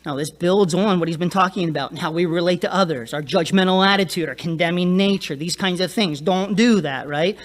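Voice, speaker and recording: A man's voice: high voice, fairly quick, few pauses. A middle-aged male pastor preaching a sermon in a conversational way, often checking in with the congregation. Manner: conversational, laughs often, frequent "right?" tag.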